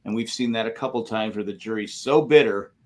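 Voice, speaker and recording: A man co-hosting a podcast, talking in a halting way with frequent restarts. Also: fairly low pitch. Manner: halting, many restarts and fillers. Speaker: podcast co-host. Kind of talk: casual chat.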